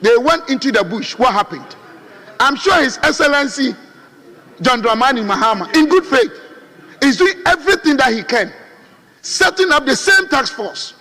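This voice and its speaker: A Ghanaian member of parliament gives a debate speech in the parliament chamber, his lively, high male voice moving at normal speed. He is oratorical and appealing, leaning on rhetorical questions, and the chamber sounds reverberant.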